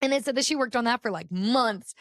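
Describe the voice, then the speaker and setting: A woman's voice: fairly high pitch, brisk, a bit bright, no room sound, studio quality. A young American woman co-hosting a podcast, chatting casually with lots of filler words. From United States. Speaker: podcast co-host. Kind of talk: casual chat.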